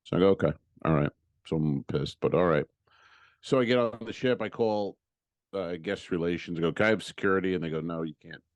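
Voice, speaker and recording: Low-voiced man telling an exasperated story. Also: fairly quick, no room sound. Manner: profane, exasperated storytelling with acted-out quotes. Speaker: comedian and podcast co-host. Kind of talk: casual storytelling chat.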